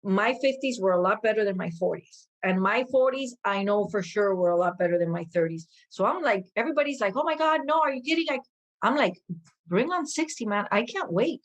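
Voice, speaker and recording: A woman in her fifties, a podcast guest telling stories in an energetic, animated way, acting out quoted voices. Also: mid-range voice. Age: 50s. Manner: energetic, animated, quick-talking with lively quoted asides. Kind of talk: conversational interview storytelling.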